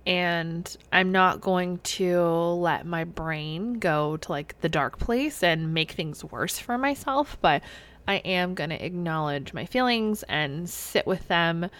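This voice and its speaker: A woman in her thirties hosts a solo podcast, chatting candidly in a confessional style, leaning heavily on "like" and other fillers. Her voice is lowish and fairly bright, and she takes things slowly.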